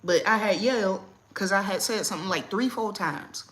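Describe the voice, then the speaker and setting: Bright-voiced chatty woman on a livestream. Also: mid-range voice, moderate pace. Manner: chatty, laughs often, reads viewer comments. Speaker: livestream host. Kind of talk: casual live chat with viewers. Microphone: phone or webcam on a livestream.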